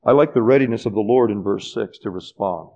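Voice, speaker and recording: A middle-aged man preaching a sermon with fervent, repetitive phrasing, often sinking to a hush. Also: fairly low pitch, fairly quick. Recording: dull lo-fi sermon recording.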